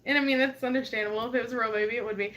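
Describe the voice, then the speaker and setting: Young woman co-host, high and bright, animated laughing storyteller in casual chat. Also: very fast. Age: 20s. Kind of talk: casual chat, reading live chat.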